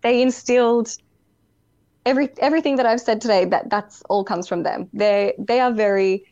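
A woman's voice: a little high, fairly even intonation, normal speed, darkish tone, muffled recording. A young woman, a pageant contestant, chatting as a guest in a live interview over a video call. She is bubbly, giggles often, and says "like" a lot. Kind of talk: casual interview chat.

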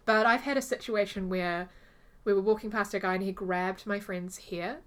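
A woman's voice: mid-range voice, normal speed, a little hiss or hum. A woman co-hosting a casual podcast chat, telling stories animatedly and acting out the people she quotes. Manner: animated storytelling, acts out quoted voices. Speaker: podcast co-host.

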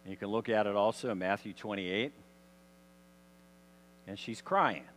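A man's voice: fairly low pitch, unhurried, fairly bright tone, a little hiss or hum. A man preaching a sermon in a conversational storytelling style, full of rhetorical questions, in a church hall. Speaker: pastor. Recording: long hall reverb.

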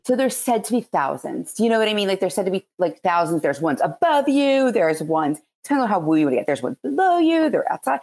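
A Reiki practitioner with a Philadelphia accent, this woman guests on a podcast and gives loose, rambling explanations in casual interview chat. Her mid-range voice has a darkish tone and is very animated and fast, with few pauses.

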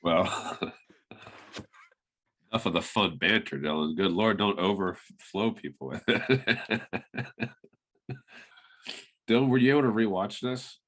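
A man co-hosting a podcast in casual chat, quick with joking comebacks and frequent laughter. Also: fairly low pitch, fairly bright tone. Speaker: podcast co-host.

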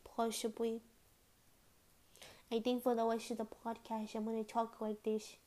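Teen girl podcaster, kinda high voice, rambly and chatty. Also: monotone, unhurried, warm tone. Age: teens. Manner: rambling, chatty, lots of fillers and "like". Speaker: podcast host. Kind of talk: casual solo podcast chat.

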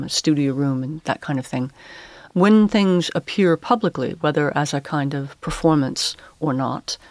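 A woman who is a poet and English professor, speaking as a guest in reflective interview talk, pausing and searching for words in academic phrasing. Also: low-pitched, dry recording.

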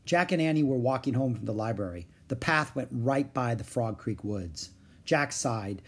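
Man, children's book reading, husky voice, very lively intonation. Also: mid-range voice, moderate pace. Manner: expressive storytelling. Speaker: storybook reader. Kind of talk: children's book read aloud.

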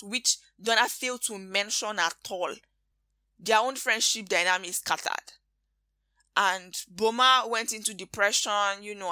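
A woman with a Nigerian accent, hosting a podcast and recapping movies in an animated, gossipy way full of slangy asides. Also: mid-range voice, no room sound. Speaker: podcast host. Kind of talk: casual movie recap chat.

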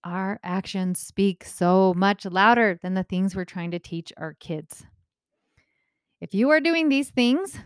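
A woman's voice: clear, resonant tone, no echo, studio quality. A middle-aged woman parenting coach talking casually and directly to parents, acting out quotes and asking rhetorical questions. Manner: animated, acts out quotes with rising pitch. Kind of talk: casual advice monologue.

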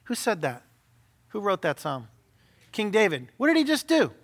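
His voice is high and his speed normal as a middle-aged senior pastor delivers an animated, chatty sermon packed with rhetorical questions.

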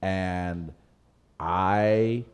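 A man hosting a podcast in casual chat, animated, with his voice jumping up when he jokes or protests. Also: drawn-out words, clean tone. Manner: animated, jumps high when indignant or joking. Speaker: podcast host.

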